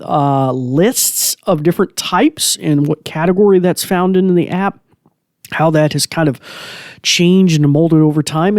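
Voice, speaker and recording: A man's voice: fairly high pitch, darkish tone, dry recording, studio quality. A man hosting a podcast in a casual, chatty way, with many fillers. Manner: chatty, with frequent fillers and laughs. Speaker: podcast host and assistive technology instructor.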